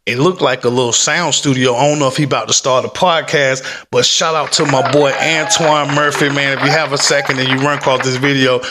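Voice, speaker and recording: A man talks at his desk at home in a loose, rambling vlog, full of slang and easy fillers. His voice sits at an everyday pitch but rings with a bright, forward tone. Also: steady tone, fairly quick, hardly any pauses, slight background noise. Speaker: stock-market vlogger. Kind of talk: casual rambling vlog chat.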